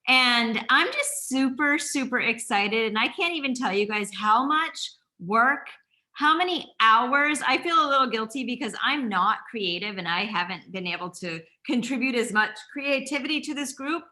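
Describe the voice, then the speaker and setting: Woman from Maine, quick enthusiastic talker, bright tense edge to her voice. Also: on the high side, lively intonation. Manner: fast-talking, enthusiastic. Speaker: panelist. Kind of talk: casual group call.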